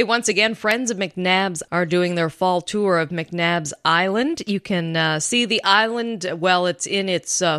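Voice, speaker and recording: A woman co-hosting a radio show, chatting and reading out local events with many "uh" pauses. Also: lowish voice, fairly bright tone, dry recording, clean studio sound. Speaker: radio co-host. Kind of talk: radio chat and event announcements.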